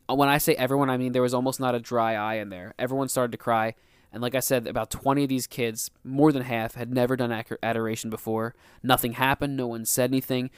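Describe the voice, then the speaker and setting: Earnest storytelling man, crisp dry voice. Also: mid-range voice, dry recording. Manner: earnest storytelling, laughs often. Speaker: podcast co-host and youth minister. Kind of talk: casual faith podcast chat.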